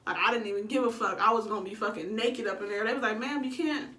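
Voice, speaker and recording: A woman casually telling a personal story, animated and profane, acting out her own quoted lines. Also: medium pitch, racing, roomy sound, far from the mic.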